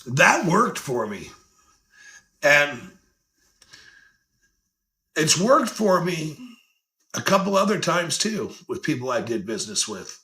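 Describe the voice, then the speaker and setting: A man's voice: a little high, sing-song, slow, long pauses, pushed and bright. A man hosting a podcast, giving casual motivational talk in a blunt, earnest way, swearing freely and circling back over his points. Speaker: podcast host.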